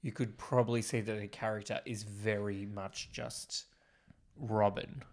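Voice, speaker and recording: A man co-hosting a casual film podcast, joking and teasing in quick banter. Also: on the low side, steady tone. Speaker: podcast co-host. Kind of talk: casual film-review chat.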